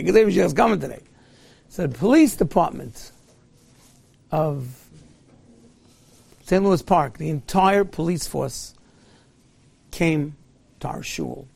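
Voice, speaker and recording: A man's voice: on the high side, gravelly, darkish tone, breathy edge. A man giving a sermon as a rabbi, telling stories in a fervent way and sprinkling in Yiddish and Hebrew words.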